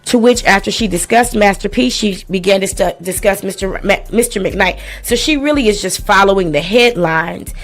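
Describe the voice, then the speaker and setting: A woman's voice: mid-range voice, normal speed, hardly any pauses. Blunt, profane woman livestream host. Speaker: live stream host. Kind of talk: live commentary on a lawsuit.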